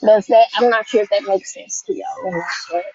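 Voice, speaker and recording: A woman's voice: medium pitch, brisk, darkish tone, husky, soft background music. A woman musing aloud as a podcast guest, rambling through her thoughts in a casual chat. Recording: muffled lo-fi audio.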